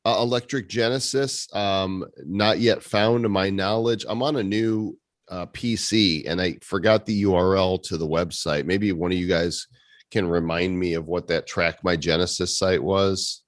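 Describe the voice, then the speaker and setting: Low voiced guy hosting a chill online meetup, jokey and teasing, dry sound. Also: fairly even intonation, moderate pace, no echo. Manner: joking, teasing, sarcastic banter. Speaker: host. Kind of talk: casual community meeting chat.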